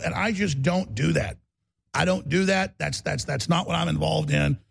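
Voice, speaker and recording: A man's voice: fairly high pitch, moderate pace, gravelly, husky. A man hosting a talk radio show, brash and sarcastic, often stammering and repeating words.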